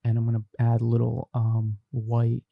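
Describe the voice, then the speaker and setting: This young man hosts an informal podcast, reading live chat comments aloud and discussing them casually. His medium-pitched voice is gravelly and monotone, a little slow. Though he's on a desk microphone through a mixer, the audio is narrow and tinny, with no echo.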